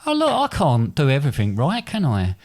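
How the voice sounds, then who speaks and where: A man's voice: medium pitch, huge pitch swings, a little fast, darkish tone. A man co-hosting a casual podcast chat, rambling and self-deprecating as he talks. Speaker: podcast co-host.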